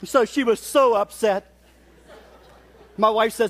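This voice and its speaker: A man's voice: sits high, slow pace, a little hiss or hum. A middle-aged man from West Virginia, preaching a sermon in a folksy, storytelling manner with touches of humor.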